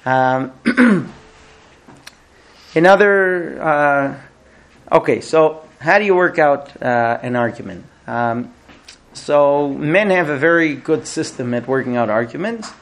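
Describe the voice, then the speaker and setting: A man teaching a class in a conversational way, telling an illustrative story with frequent hesitant pauses. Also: fairly high pitch, lively intonation. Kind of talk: storytelling lecture.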